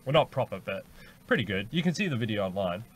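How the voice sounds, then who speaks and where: A man's voice: lowish voice, fast talker, a little hiss or hum. A man, co-hosting a political panel chat, telling stories animatedly. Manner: animated storyteller, mimics voices. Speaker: podcast co-host.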